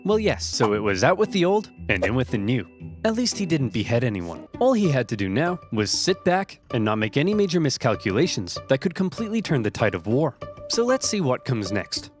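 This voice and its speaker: A man's voice: mid-range voice, very animated, a little fast. Dry sarcastic guy narrating a cartoon, voice jumps around a lot, music playing under it. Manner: dry, sarcastic comic delivery. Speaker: narrator and voice of all characters. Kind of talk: comic animated history narration with character voices.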